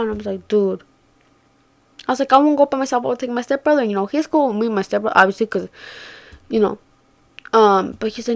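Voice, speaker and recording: Fairly quick with vocal fry and long pauses, this medium-pitched young woman tells her viewers a story. The vlogger keeps things chatty, swears freely, and acts out her friends' lines.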